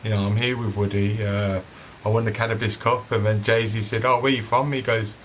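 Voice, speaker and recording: A man's voice: fairly low pitch, flat delivery, moderate pace, a little hiss or hum. A man telling a casual, rambling story full of fillers and restarts. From Birmingham, England. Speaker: cannabis seed breeder telling a story.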